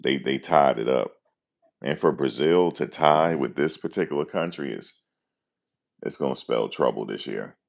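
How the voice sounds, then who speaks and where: A man, talking casually and deadpan to his viewers, musing and repeating himself in slangy speech. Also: extremely low pitch, moderate pace, gravelly. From New Jersey, USA. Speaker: vlogger. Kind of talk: casual rambling monologue.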